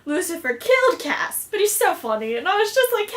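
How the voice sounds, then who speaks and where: A woman's voice: very high voice, big pitch swings, quick pace. A young woman recapping a TV episode in a casual, chatty vlog, full of fillers and acted-out quotes. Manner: bubbly, chatty, frequent "like" fillers, acts out quotes. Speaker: vlogger.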